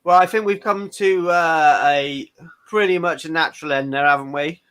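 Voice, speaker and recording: A man's voice: on the high side, moderate pace, a bit bright, clean tone. A man hosting a live stream chat, teasing his guests and reading viewer comments aloud. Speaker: show host.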